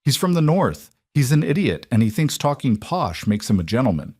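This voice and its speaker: A man voicing a bold, sharp-tongued young woman in an audiobook, shrieking and hissing her lines. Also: medium pitch, sing-song, normal speed. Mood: defiant. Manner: shrieking, biting, then hissing. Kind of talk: audiobook character voice.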